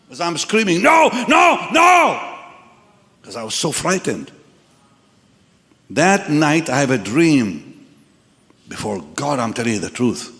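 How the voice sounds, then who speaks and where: A man in his seventies preaching a dramatic sermon testimony to a large congregation. He swings from hushed tones to sudden shouts. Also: on the high side. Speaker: pastor. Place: large church or crusade hall with congregation. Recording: echoey hall sound.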